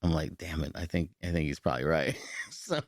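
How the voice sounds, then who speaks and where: A man's voice: rumbling low, brisk, dry recording, studio quality. A man co-hosting a podcast, laughing as he retells prank calls and acts out the voices in casual chat. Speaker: podcast co-host.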